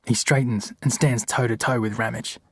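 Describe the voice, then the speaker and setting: A man narrating an audiobook in a steady, measured way. His voice is husky, and the recording is dry. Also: medium pitch, dry recording. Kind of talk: scripted narration.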